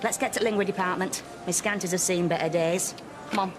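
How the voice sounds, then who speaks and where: A woman's voice: fairly low pitch, steady tone, fairly quick, music in the background, lightly acted. An actress playing a blunt, cheeky older woman in a wheelchair in a TV soap drama.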